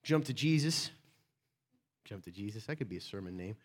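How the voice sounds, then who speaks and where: A man preaching a sermon in a casual, conversational way, joking with people in the room by name and swinging between loud and hushed. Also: fairly low pitch, animated, normal speed. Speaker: pastor.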